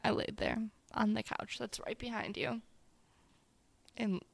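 A young woman co-hosting a casual podcast chat, teasing her friend and firing off quick questions. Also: on the high side, very animated, vocal fry, no echo. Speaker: podcast co-host.

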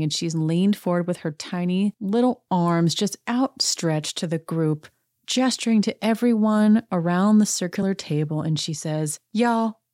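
A woman's voice: lowish voice, dark tone, no room sound, studio quality. A woman hosting a podcast, giving a chatty and wry recap of a TV episode. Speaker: podcast host. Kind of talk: casual TV recap monologue.

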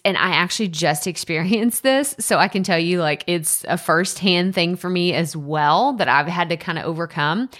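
A woman's voice: fairly low pitch, fairly bright tone. Chatty East Texas woman podcaster. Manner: chatty, self-deprecating, quick restarts and asides. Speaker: podcast host and coach. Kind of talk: casual solo podcast talk. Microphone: podcast microphone.

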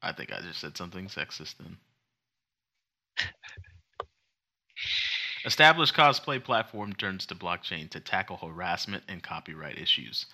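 A man's voice: deep voice, expressive, measured pace, pauses often, sharp tone. A man co-hosting a casual chat show, joking around and acting out little scenes. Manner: jokey, acts out little scenes in funny voices. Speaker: podcast co-host.

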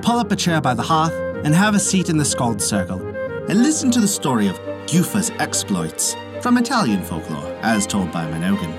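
A storyteller narrating a scripted folktale as the podcast's regular narrator, with an animated, sweeping delivery. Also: mid-range voice, normal speed, music in the background.

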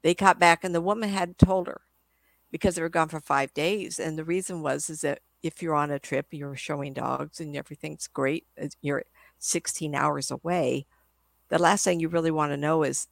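A woman's voice: low voice, fairly even intonation, moderate pace, gravelly, no echo. An older woman, a psychic medium guest, telling rambling stories in a casual interview. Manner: rambling, chatty storyteller.

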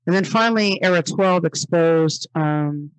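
A woman's voice: lowish voice, a little slow, smooth, no room sound. A woman hosting a religious commentary podcast, reading passages aloud and rebutting them in an emphatic, exasperated way, repeating phrases for stress. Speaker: podcast host.

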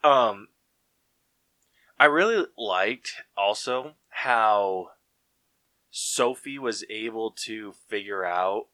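A man's voice: fairly low pitch, drawn-out words, pauses often, sharp tone, no room sound. A man co-hosting a podcast, chatting casually and rambling with slang and fillers. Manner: rambling, laid-back, full of fillers and slang. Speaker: podcast co-host. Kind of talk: casual chat.

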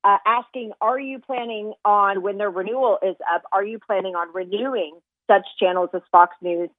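A woman's voice: mid-range voice, steady tone, moderate pace, no echo. A woman joining a radio show as guest, speaking in an indignant, emphatic way. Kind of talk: phone-in interview. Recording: tinny dry phone line.

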